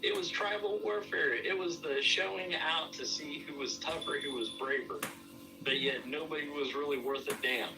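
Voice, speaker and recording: A man's voice: a little high, moderate pace, over music. A man chatting casually on a podcast, telling long rambling stories and repeating "I kid you not", recorded from a distant mic. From Southern California. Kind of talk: casual chat.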